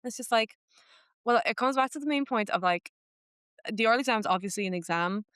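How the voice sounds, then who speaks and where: A woman's voice: a little high, expressive, fast talker, a bit bright, clear, resonant tone, no room sound, studio quality. A young woman with an Irish accent hosting a podcast in casual chat, peppering her talk with "like". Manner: chatty, fills speech with "like", slips into Irish phrases. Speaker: podcast host.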